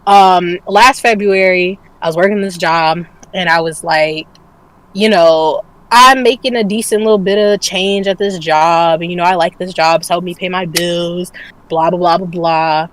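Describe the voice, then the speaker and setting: A woman's voice: lowish voice, steady tone, normal speed, a bit bright, rough recording. A woman co-hosting a casual streamed talk show, telling a personal story candidly, swearing freely and laughing often. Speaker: podcast co-host. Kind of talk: casual chat.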